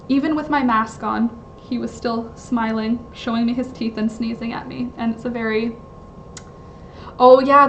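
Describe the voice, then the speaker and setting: A woman's voice: on the high side, slight background noise. A woman chatting casually on a livestream from home, rambling and interrupting herself with lots of fillers. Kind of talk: casual live-stream chat.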